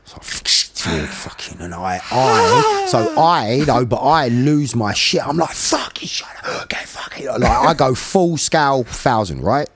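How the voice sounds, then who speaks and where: A man in his forties telling a story in a casual podcast conversation, animated and blunt, with plenty of swearing. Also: mid-range voice, measured pace, hardly any pauses, slight background noise. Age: 40s. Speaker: podcast guest, former bare-knuckle fighter.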